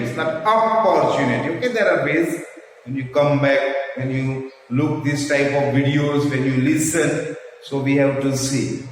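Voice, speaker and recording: A man teaching a lesson, speaking slowly and haltingly with many fillers. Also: mid-range voice. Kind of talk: online class lesson. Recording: echoey room, far from mic.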